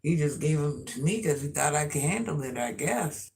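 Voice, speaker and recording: A man chatting casually to viewers on a live stream, rambling and musing out loud and repeating himself as he thinks things through. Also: fairly high pitch, expressive, normal speed, vocal fry.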